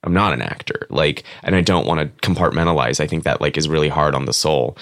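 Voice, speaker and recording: A man's voice: a bass voice, quick pace, creaky, a bit bright, no echo. A man guest on an interview show, chatting candidly and casually with lots of filler words. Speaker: guest, comic book writer.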